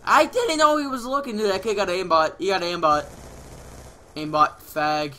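A teenage man commentating his own gameplay casually, excitable and swearing, with sudden yells at other players, on a headset mic. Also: high voice, normal speed. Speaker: gaming channel host.

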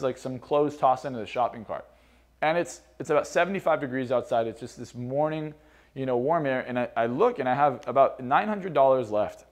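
A young man speaking in a mid-range voice, telling a personal story as a motivational speaker. His delivery is casual and candid, full of fillers like "you know" and quick restarts. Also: mid-range voice.

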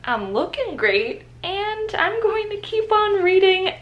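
A woman vlogging about books in a chatty, excitable way, filming at home. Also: very high voice, takes it slowly, lo-fi sound. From Florida, USA. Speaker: book vlogger. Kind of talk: casual vlog chat. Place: home, partly outdoors.

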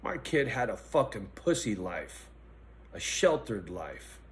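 A middle-aged man vlogging in a blunt, profane personal monologue that swings between angry ranting and quiet reflection. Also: deep voice, very animated, slow pace.

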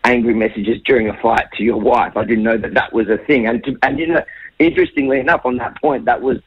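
A man speaking as a guest on a talk radio show, pushing his points emphatically and stumbling over repeated words under pressure. His voice comes through a dull, muffled remote line with no room sound at all, at an average pitch for a man. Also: fairly even intonation, fast, breathy edge, no echo. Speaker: interview guest. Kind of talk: defensive radio interview answers.

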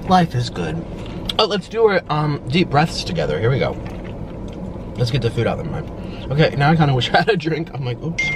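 A man talking casually to the camera while driving and eating in his car, chatty and self-mocking. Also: mid-range voice. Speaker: vlogger. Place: inside a car at a drive-thru. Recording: car and road noise behind.

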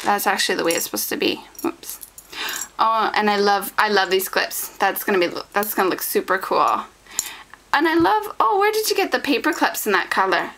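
A woman's voice: mid-range voice, creaky, slight background noise, poor audio. A woman vlogger chatting casually as she unwraps a package of scrapbooking supplies, gushing with delight. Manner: gushing, excited, addresses viewers as guys. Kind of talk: casual unboxing chat.

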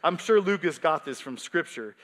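A male pastor preaching a sermon in a conversational, animated way with casual asides. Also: on the high side, moderate pace.

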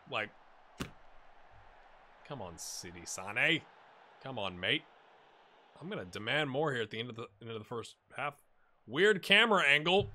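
A man hosting a let's-play video, giving casual and excitable commentary as he plays and talking straight to the viewers and the players on screen. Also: mid-range voice. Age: adult. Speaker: gaming channel host.

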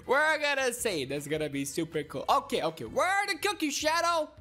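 Woman host, high lively voice, excitable game play-by-play, faint music behind. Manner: excitable, squealing, quick swings between panic and giggles. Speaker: gaming channel host. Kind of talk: excited gameplay commentary.

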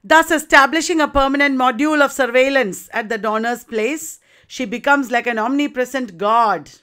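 A woman's voice: high voice, normal speed, bright, forceful tone, clean tone. A woman literature lecturer explaining a play, addressing students with rhetorical questions.

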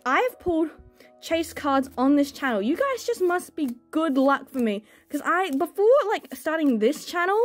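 Excitable high-voiced young woman. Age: young adult. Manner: excitable, gushing, squeals over good pulls. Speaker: card-opening vlogger. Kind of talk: casual chat while opening card packs.

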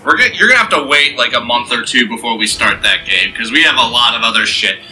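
Bright chatty man, rambling gamer host. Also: medium pitch, animated, fast talker, a little hiss or hum, poor audio. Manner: chatty, rambling with frequent restarts and laughs. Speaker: let's play host. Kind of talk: casual post-game chat.

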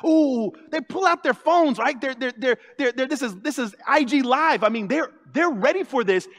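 A man, the lead pastor, preaching a sermon with animated delivery, acting out quoted voices and joking with the congregation. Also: very high-pitched, normal speed, in a large hall. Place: church sanctuary.

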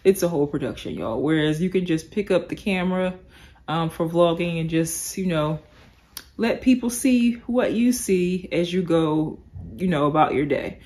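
Brief: woman lifestyle vlogger, lively storytelling, sleepy, casual chat to camera. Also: on the low side, moderate pace. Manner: animated storytelling, addresses viewers as "y'all".

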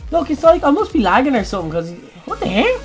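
A young woman giving jokey, excitable let's play commentary, breaking into sudden loud yelps. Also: high voice, quick pace, soft background music. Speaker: gaming channel host.

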